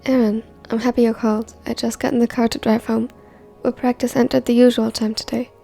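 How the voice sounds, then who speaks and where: A woman voicing a calm young man. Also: on the high side, brisk, gravelly, soft background music. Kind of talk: fan fiction reading.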